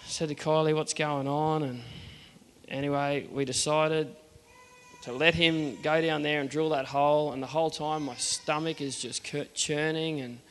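A man's voice: a little high, steady tone, moderate pace, fairly bright tone, big-room sound, a little hiss or hum. Earnest Australian man telling a testimony. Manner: earnest, plain-spoken, acts out the dialogue. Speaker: churchgoer telling his faith story. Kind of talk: personal testimony storytelling.

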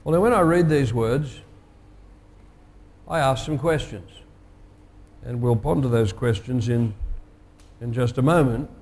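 A pastor delivering a sermon, measured and emphatic, slowing down to stress key phrases. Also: male voice, mid-range voice, a little mellow. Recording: long hall reverb.

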